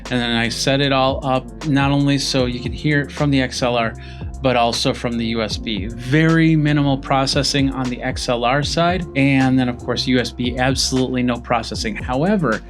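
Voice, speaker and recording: With music in the background, a man speaks at normal speed in a mid-range voice with fairly even intonation. He's a tech reviewer casually showing off a product, talking through every step with fillers, his mouth close to a studio podcast microphone.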